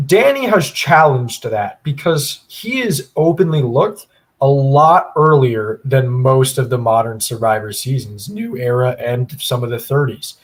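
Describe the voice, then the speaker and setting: A man's voice: mid-range voice, lively intonation, unhurried. A man co-hosting a podcast, giving a long, opinionated analysis in casual chat with plenty of fillers. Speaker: podcast co-host.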